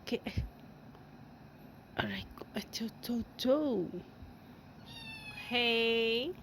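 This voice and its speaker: A woman filming her cats at home, talking to them in slow, cooing baby talk and laughing often. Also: fairly high pitch, fairly bright tone, a little hiss or hum. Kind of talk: casual baby talk to kittens. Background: kittens meowing.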